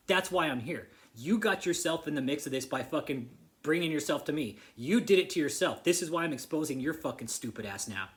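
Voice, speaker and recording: A man vlogging an angry, profane rant straight to the camera, repeating himself and confronting someone by name. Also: on the high side. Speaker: vlogger exposing a church.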